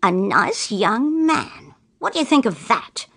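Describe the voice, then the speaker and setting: Woman voicing a mean drunk dad, scornful and loud, slow reading. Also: mid-range voice, sing-song, full character voice. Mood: shouting. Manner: shouting, scornful and bitter. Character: angry drunken bullying father, older man.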